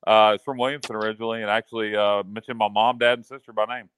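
A man's voice: lowish voice, flat delivery, fast talker, fairly bright tone, clear, resonant tone, no room sound. A man co-hosting a casual sports chat show, joking and self-mocking. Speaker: podcast co-host.

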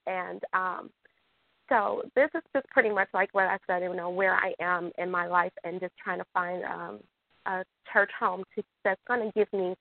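An excited woman from Michigan calls in and rambles, stumbling into restart after restart. Her voice comes through a dry, tinny phone line with no room sound. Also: medium pitch, no echo. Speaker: caller. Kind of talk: emotional call-in chat.

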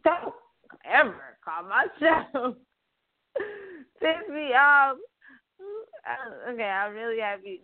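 Young woman, call-in show host, casual profane rambling, lively swinging pitch, phone-like tinny sound. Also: slow pace, pauses often. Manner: profane, blunt, rambling with laughs. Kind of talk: casual solo talk show. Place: apartment room.

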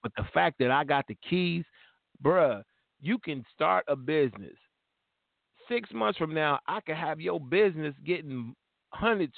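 A man's voice: fairly high pitch, vocal fry, dry recording. A man in his fifties talking in a casual, slangy and emphatic way, fired up as he tells his stories. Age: 50s. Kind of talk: casual podcast chat. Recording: tinny phone-line sound, dry.

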